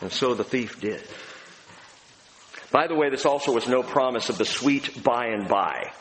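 A male pastor preaching a sermon, talking directly to his congregation and swinging between emphatic, raised passages and hushed, low ones. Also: unhurried. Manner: conversational and direct with the audience. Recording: long hall reverb, faint background noise.

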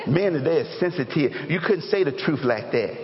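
A pastor preaching a lively, joking sermon and calling out to the congregation. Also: male voice, a little high, moderate pace, a faint crowd. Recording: echoey hall, dull lo-fi sound.

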